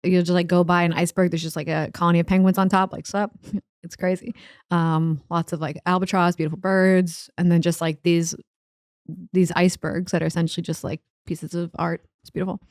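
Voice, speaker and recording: A woman's voice: on the low side, flat delivery, fairly quick, a little mellow, no room sound, studio quality. A Northern Irish woman in her thirties, a guest comedian chatting casually and laughing often on a podcast mic. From Northern Ireland. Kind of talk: casual chat.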